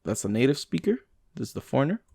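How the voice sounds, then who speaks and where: A man, a native English speaker, reading language lesson notes aloud to himself, slowing down over examples. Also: medium pitch, big pitch swings, creaky, mellow, breathy edge, dry recording, clean studio sound. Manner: reads text aloud with fillers and restarts, slow over examples.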